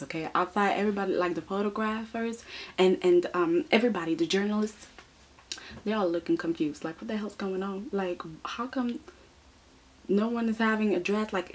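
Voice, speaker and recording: Sassy woman with a husky voice. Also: medium pitch. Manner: sassy, animated, laughs often; frequent rhetorical "okay?". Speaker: soap opera reviewer. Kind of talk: casual commentary.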